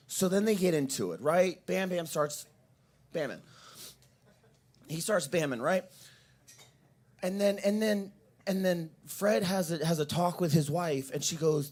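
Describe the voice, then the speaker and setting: A man's voice: fairly high pitch, animated, moderate pace, a little mellow. A man doing open mic stand-up in a coffee shop, rambling and self-deprecating. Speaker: stand-up comedian.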